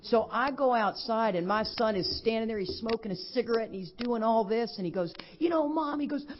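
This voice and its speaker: A middle-aged woman, giving a lively personal testimony at a recovery convention and acting out what others said. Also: on the high side, fairly quick, slight background noise. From Texas. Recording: dull lo-fi convention recording.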